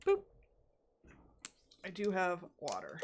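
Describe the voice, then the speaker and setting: A woman's voice: on the low side, huge pitch swings, slow, slight background noise. Woman streamer grumbling at a game, voice swings up and down a lot, swears, rambles. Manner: exasperated, swears, rambling asides. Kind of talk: casual gameplay chat.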